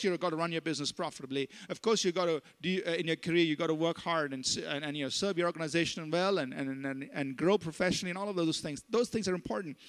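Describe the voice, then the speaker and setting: A man preaching a sermon as pastor, emphatic, slowing down on scripture and asking the congregation to respond. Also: high-pitched, fairly bright tone.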